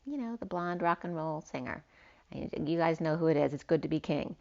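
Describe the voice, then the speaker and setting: A woman's voice: deep voice, moderate pace, a little mellow. A woman giving a rambling tarot reading, free-associating through wordplay. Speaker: tarot reader. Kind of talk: spiritual tarot reading monologue. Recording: dull lo-fi sound.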